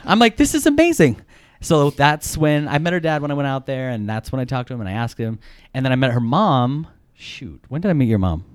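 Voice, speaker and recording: A man, a podcast guest, telling a story in an animated, joking way. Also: medium pitch, fairly quick, clean tone, dry recording. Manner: animated, jokey, acts out quotes. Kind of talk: casual storytelling.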